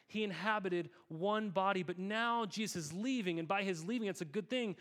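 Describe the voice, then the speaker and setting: A male pastor giving a sermon in a conversational, emphatic way, often repeating words. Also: high voice.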